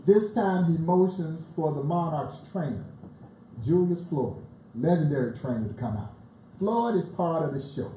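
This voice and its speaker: A man, a museum president, telling lively baseball stories as a guest at a live panel, chuckling as he goes. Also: fairly high pitch, moderate pace. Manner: animated storyteller who chuckles through his tales. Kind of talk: lively anecdotal storytelling on stage. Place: live event in a bar venue. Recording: echoey live venue, faint background noise.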